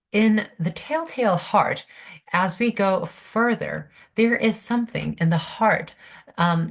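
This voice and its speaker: Slow, patient woman teaching online. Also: lowish voice. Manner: slow, patient, checks in with students. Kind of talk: online literature class. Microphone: computer mic on video call.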